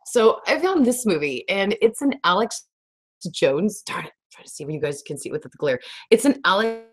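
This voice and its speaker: A woman, hosting a casual livestream chat, rambling and reading out viewer comments in a raspy voice. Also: medium pitch, big pitch swings, moderate pace. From Texas. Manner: rambling, laughs often, reads viewer comments. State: raspy today. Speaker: livestream host.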